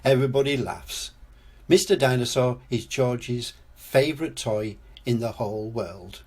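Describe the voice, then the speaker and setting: An older man reading a children's storybook aloud as a storyteller grandad, in a slow gentle read-aloud. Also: mid-range voice, breathy edge.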